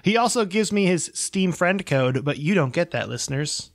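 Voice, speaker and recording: A man's voice: high-pitched, lively intonation, moderate pace, dry recording, studio quality. A man co-hosting a podcast in casual chat, rambling and self-deprecating as he reads listener emails. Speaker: podcast co-host.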